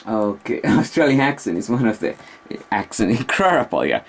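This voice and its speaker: A man talking casually to his vlog audience, rambling and halting as he searches for words. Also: on the low side, animated, gravelly. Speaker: vlogger.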